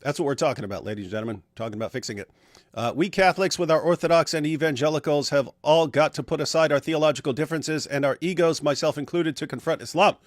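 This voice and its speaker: A man's voice: fairly high pitch, quick pace, no room sound, clean studio sound. A man hosting a casual livestream, reading out viewer comments in a jokey manner. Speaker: livestream host.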